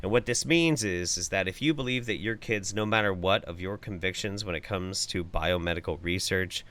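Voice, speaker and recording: A man's voice: deep voice, normal speed, a bit bright. A man hosting a reaction stream, ranting with sarcasm and heavy swearing at a clip he is playing. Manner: angry, sarcastic, swearing, then apologetic. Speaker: host reacting to clips. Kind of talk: profane ranting commentary.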